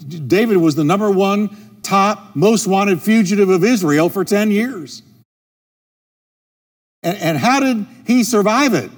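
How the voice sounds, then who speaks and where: A man's voice: high-pitched, lively intonation, measured pace, long pauses. A middle-aged man preaching a sermon as a pastor, driving his points home by repeating key phrases. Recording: long reverb with soft music.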